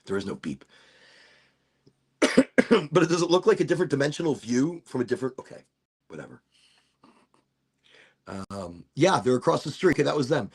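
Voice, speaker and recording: A man's voice: medium pitch, big pitch swings, normal speed, long pauses, slightly rough. A middle-aged man hosting a podcast, rambling casually through a travel story with frequent swearing and restarts. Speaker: podcast host.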